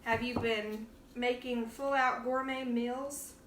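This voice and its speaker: A woman hosts a relaxed cooking demonstration from her kitchen, chatting playfully and laughing as she works. Her voice sits a bit high and comes from some distance from the mic. The room is echoey, with a faint hum of ambience behind her. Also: takes it slowly. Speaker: cooking show host. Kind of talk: casual live cooking demonstration. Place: home kitchen. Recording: roomy kitchen sound, from off the mic.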